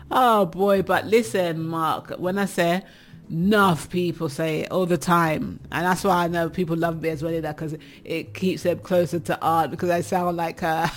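A woman's voice: low voice, slight background noise. A woman with an English accent hosting a radio show, reading out items and chatting about them, often laughing. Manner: chatty, laughs often, comments on what she reads. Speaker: radio host. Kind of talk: casual radio chat, reading out news items.

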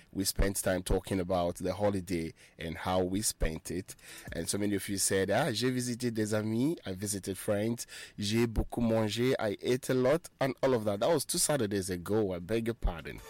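A man's voice: low-pitched, a little mellow, dry recording. Brief: male radio host teaching basic French, patient, spells words letter by letter, dry close mic. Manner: spells words letter by letter, repeats phrases for listeners.

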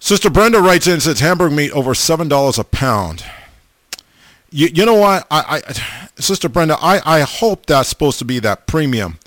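A middle-aged man casually chatting as a host, reading viewer comments in a folksy, animated way, often repeating himself. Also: fairly high pitch, normal speed, no echo. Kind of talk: casual chat.

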